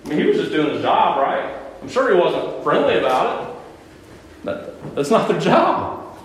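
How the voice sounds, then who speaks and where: Lively, high-voiced male preacher. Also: moderate pace, slight background noise. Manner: lively, questioning the audience, emphatic. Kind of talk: sermon. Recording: echoey room with faint ambience.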